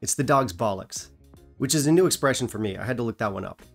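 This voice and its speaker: A man's voice: mid-range voice, expressive, quick pace, gravelly, faint music behind. A man hosting a whisky review channel, talking casually with dry, self-mocking humor and a non-British English accent.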